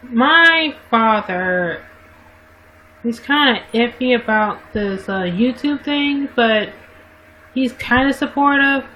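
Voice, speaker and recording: A woman's voice: fairly high pitch, animated, slow, sharp tone, a little hiss or hum, poor audio. A woman vlogger talking casually to her livestream viewers into a webcam mic, rambling and often correcting herself. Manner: rambling, frequent self-corrections and restarts.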